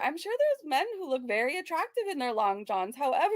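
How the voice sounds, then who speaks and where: Very animated and fairly quick, this reaction channel host speaks in a high-pitched voice, laughing and being sarcastic as she comments casually. She describes her own sound as valley girl. It's a clean studio recording without echo.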